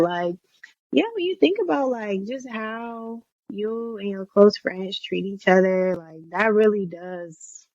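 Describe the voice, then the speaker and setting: Reflective woman co-host, dull sound. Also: mid-range voice. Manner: rambling, reflective, laughs easily. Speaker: podcast co-host. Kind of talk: casual chat.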